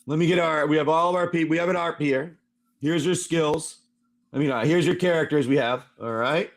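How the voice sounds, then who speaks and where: A man hosting a casual card-opening stream, chatty and rambling, reading card names and telling an adventure story. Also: on the high side. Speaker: livestream seller opening card packs.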